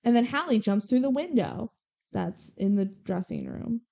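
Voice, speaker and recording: Chatty sarcastic woman, mellow voice. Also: a little high, expressive, normal speed, creaky. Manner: chatty, sarcastic, quotes characters in passing. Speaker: podcast co-host. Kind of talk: casual movie recap chat.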